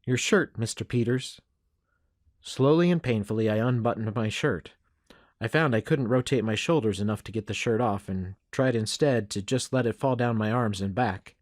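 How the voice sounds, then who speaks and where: A man's voice: fairly low pitch, moderate pace, a little mellow, no room sound, clean studio sound. Man narrating a western audiobook. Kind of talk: first-person scripted narration.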